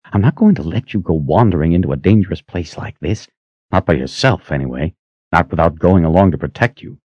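A man's voice: low voice, expressive, fairly quick, a little mellow, slightly rough, dry recording, lo-fi sound. A man reading an audiobook voices a devoted young wizard student in a shaky, earnest whisper.

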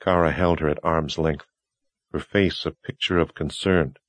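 Deep-voiced male audiobook narrator. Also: fairly even intonation, moderate pace, no room sound. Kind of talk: scripted narration.

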